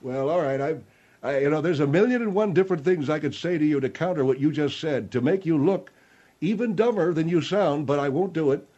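A man playing a cantankerous, argumentative general who is a guest on a radio talk-show bit, gruff and insulting. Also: fairly high pitch, fairly quick, mellow, highs cut off, lightly acted. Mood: combative.

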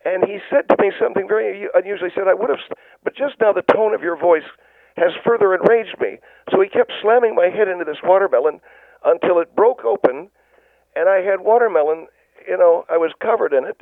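A man playing a whiny, gravelly mask-refusing caller. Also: high-pitched, a little fast, no room sound. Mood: indignant. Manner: rambling, stammering restarts, whiny disbelief. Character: indignant middle-aged male caller who refuses masks. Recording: tinny phone line.

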